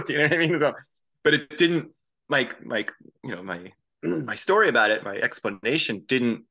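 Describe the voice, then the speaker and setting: A man guest in a casual interview, telling animated anecdotes and acting out the voices of people he quotes. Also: mid-range voice, moderate pace, gravelly. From Boston area. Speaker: band frontman as guest.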